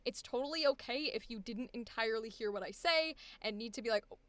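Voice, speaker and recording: A woman's voice: a little high, brisk, a bit bright, no echo. A young woman coaching voice acting on a live stream, chatty and exclamatory with frequent laughter.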